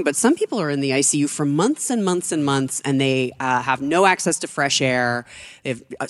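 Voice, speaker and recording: A woman's voice: deep voice, big-room sound. A woman co-hosting a casual news chat, telling stories with enthusiasm and laughing often. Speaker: podcast co-host.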